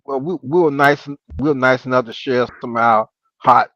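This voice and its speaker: A man chatting as a guest on a sports fan live stream, relaxed and hesitant. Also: medium pitch, normal speed, dull audio, background noise. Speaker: guest, host's brother.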